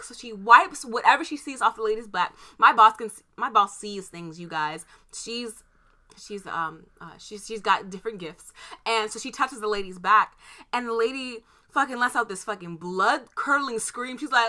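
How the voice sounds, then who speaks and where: A woman's voice: fairly high pitch, big pitch swings, moderate pace, bright, forceful tone. A young woman from Maryland, co-hosting a casual chat and animatedly telling a story, laughing and acting out the voices. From Maryland, USA. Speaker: podcast co-host.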